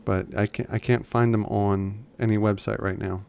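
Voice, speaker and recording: Gravelly low-voiced man chatting. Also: flat delivery, moderate pace, darkish tone. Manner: chatty, rambling, self-correcting. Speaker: podcast co-host. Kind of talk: casual chat.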